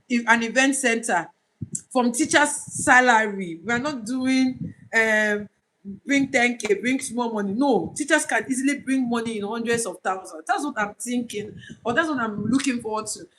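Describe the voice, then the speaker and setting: A woman's voice: on the high side, normal speed, a bit bright, slight background noise, poor audio. A woman with a Nigerian accent hosting a live stream, earnestly urging new online tutors and repeating points for emphasis. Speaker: online tutor trainer, livestream host. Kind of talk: casual livestream talk.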